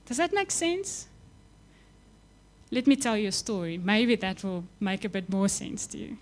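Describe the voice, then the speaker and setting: Young woman preaching, fired up then going soft, voice sits a bit high. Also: measured pace. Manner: impassioned, rising to emphatic peaks then dropping soft. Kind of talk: sermon.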